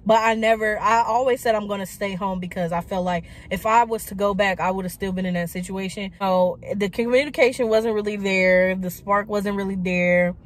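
A woman's voice: mid-range voice, steady tone, normal speed, few pauses. A woman vlogger telling a personal story in a casual, chatty way, full of likes and quoted asides.

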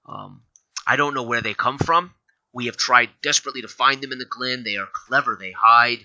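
A man's voice: medium pitch, a little fast, pushed and bright, dry recording, highs cut off. A man playing a weary, besieged feudal lord who talks in a formal, old-fashioned way. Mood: grave. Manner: formal, archaic phrasing.

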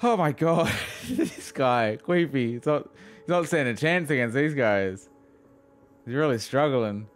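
A young man giving profane, excitable let's play commentary, laughing and mocking as he plays. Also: medium pitch, a little slow, slight background noise. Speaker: gaming video host.

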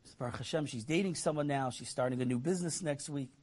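A man tells an audience an inspirational story, animatedly acting out the voices of the people he quotes and laughing along the way. His voice is a little high and his pace quick.

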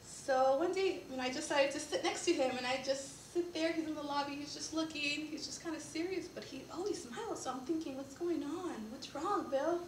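A woman's voice: high voice, brisk, few pauses. A woman who directs resident services at a senior community gives a eulogy at a memorial service. She is emotional, laughs through tears and keeps apologizing. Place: church sanctuary. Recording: echoey church from far off, faint hiss.

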